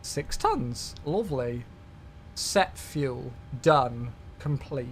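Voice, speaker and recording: A British man in his thirties chatting casually on a live stream, excitable and effusive as he thanks his viewers. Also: medium pitch, drawn-out words, music in the background.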